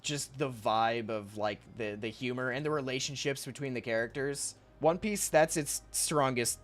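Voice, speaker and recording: A man's voice: mid-range voice, normal speed. A young man streaming while he draws, rambling casually to chat, reading messages aloud and often laughing.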